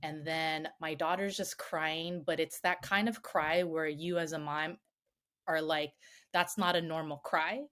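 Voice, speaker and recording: Animated middle-aged woman, swearing storyteller. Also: sits low. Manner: animated, swears freely, acts out quoted voices. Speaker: podcast guest. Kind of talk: candid storytelling.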